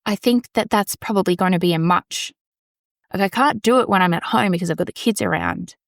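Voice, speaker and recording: A woman's voice: fairly low pitch, brisk, vocal fry, no room sound, clean studio sound. A woman, talking candidly and rambling on her solo podcast from a small storage room. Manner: candid, rambling, swears casually. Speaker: podcast host. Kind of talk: casual solo podcast monologue.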